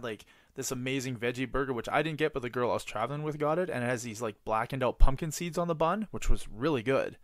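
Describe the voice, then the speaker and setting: A man's voice: medium pitch, no room sound, clean studio sound. A man co-hosting a podcast in casual chat, telling rambling stories full of swearing and filler words. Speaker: podcast co-host.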